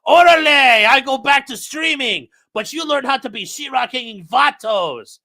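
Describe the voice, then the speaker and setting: A man's voice: very high-pitched, expressive, moderate pace, bright, forceful tone, voice pushed up, exaggerated voice. A man voicing a boisterous old grandfather who teaches the kids a trade.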